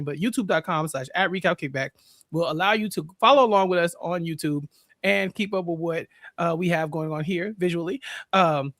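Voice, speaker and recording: A man's voice: high-pitched, bright, forceful tone, no echo, clean studio sound. A man hosting a casual podcast recap, upbeat and chatty, laughing often. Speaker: podcast host.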